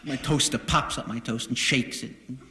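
A man doing a stand-up monologue in front of an audience, telling deadpan, self-deprecating stories. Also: mid-range voice, moderate pace. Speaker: stand-up comedian. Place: live venue with an audience. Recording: roomy live recording with noise. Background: audience laughter.

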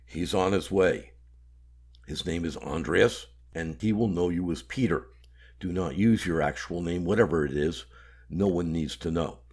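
A man voicing a gruff, guarded male underground contact who speaks curtly and drops to a hiss when he lowers his voice. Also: normal speed, darkish tone.

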